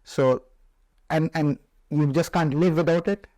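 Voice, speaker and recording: Higher-voiced man hosting a podcast. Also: fairly even intonation, measured pace, a little mellow, no room sound. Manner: conversational, with advice asides. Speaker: podcast host. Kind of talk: interview.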